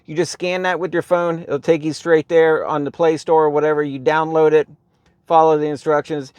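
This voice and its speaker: A man with a slightly higher voice, chatting his way through a how-to vlog from inside his car. He rambles along easily, dropping plenty of "um"s and pointing things out "right here" as he goes. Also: moderate pace, clear, resonant tone, no room sound, lo-fi sound. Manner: rambling, relaxed, lots of ums and "right here". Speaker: car vlogger.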